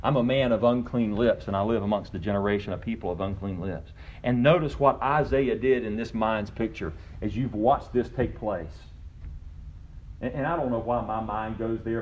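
A man's voice: medium pitch, highs cut off. A man pastor preaching a sermon, building to emphatic, rising passages.

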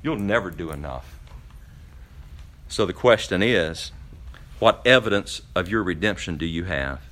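Low-voiced man preaching a sermon. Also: animated, a little slow. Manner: preaching with rhetorical questions, swinging between loud emphasis and quiet asides. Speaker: pastor. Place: church during a service.

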